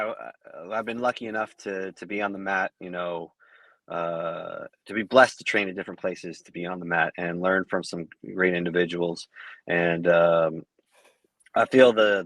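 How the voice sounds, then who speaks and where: A man, a fight judge guest, answering interview questions in a halting way full of fillers and restarts. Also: sits low, fairly bright tone, dry recording. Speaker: MMA judge, podcast guest.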